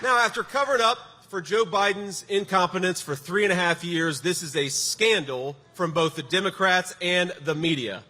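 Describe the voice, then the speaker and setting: A man's voice: sits high, moderate pace, few pauses, sharp tone. A man, a political candidate, delivering a campaign rally speech in a large venue, with punchy emphasis and sarcastic jabs. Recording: echoey hall sound with faint background noise.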